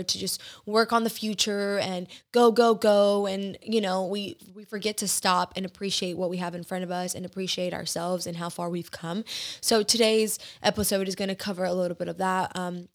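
A young woman talks through her solo podcast in a relaxed, confiding way. She rambles from one thought to the next and fills the gaps with little fillers. Her pitch sits in a middle range, and her tone is open and personal. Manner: chatty and confiding, with filler words. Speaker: podcast host. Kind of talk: casual solo podcast chat.

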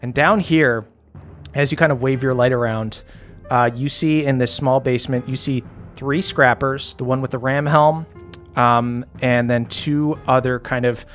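A man runs a tabletop game and narrates in a loose, rambling style full of fillers. His pitch is middling. Soft music plays in the background. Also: steady tone, measured pace. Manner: casual, lots of fillers like "like" and "um". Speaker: game master.

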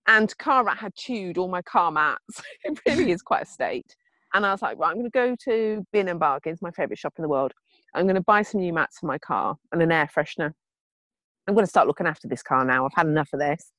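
A woman in casual chat, telling a funny story with lively acted-out quotes. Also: fairly low pitch, a little fast, dry recording. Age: adult. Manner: animated storytelling, acting out quotes.

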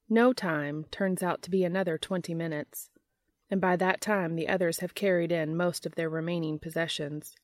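A woman narrating an audiobook in an even, unhurried manner. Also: lowish voice, no echo. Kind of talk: audiobook reading.

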